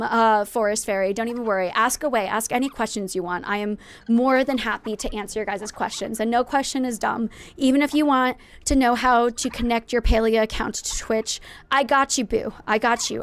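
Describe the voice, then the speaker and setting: Playful woman streamer, slightly high voice. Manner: playful, jokingly dramatic rants, greets chat viewers. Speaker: live-streamer. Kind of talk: casual live-stream chat while gaming.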